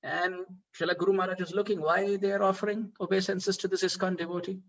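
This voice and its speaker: A man's voice: high voice, quick pace, lo-fi sound. A man giving a devotional talk, telling a story animatedly with frequent fillers. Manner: animated, acts out quoted dialogue, frequent "uh" fillers. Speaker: speaker at a devotional festival. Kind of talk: storytelling sermon.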